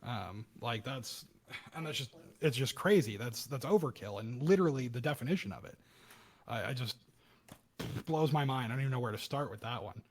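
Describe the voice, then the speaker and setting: A young man co-hosting a casual podcast, talking through a news story with heated emphasis and bursts of louder, higher speech. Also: fairly quick. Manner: animated, acts out quoted voices with rising pitch and loudness. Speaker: podcast co-host. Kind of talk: casual political commentary chat.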